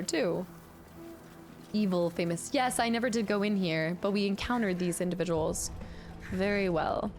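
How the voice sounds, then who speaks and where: A woman's voice: medium pitch, normal speed. A woman in her late twenties chatting casually on a gaming livestream, talking with her chat and laughing often. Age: late 20s. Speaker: streamer.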